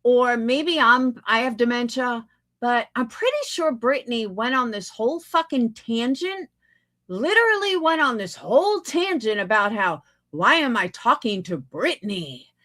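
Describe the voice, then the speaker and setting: A woman's voice: on the high side, expressive, normal speed, a bit bright. A woman hosting a livestream, talking back in a blunt, sarcastic and profane way. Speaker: livestream host. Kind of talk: casual livestream commentary.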